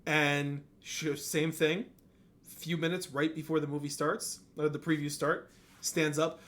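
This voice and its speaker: A man's voice: a little high, measured pace. A man hosting a casual podcast chat, telling a story with lots of swearing and acted-out quotes. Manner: animated storyteller, swears freely, acts out quotes. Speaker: podcast host.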